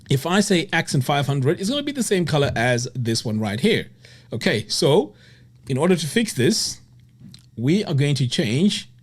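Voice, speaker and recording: A man teaching web design in a screen-recorded tutorial, walking through steps with enthusiastic exclamations. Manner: enthusiastic, exclaims "boom" and "look at that".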